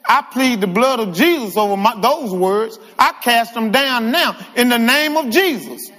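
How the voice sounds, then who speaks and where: High-voiced, animated male preacher. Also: measured pace. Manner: animated, humorous, calls out to the congregation. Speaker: guest preacher. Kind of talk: lively church sermon. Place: church sanctuary with reverb. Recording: long hall reverb in church.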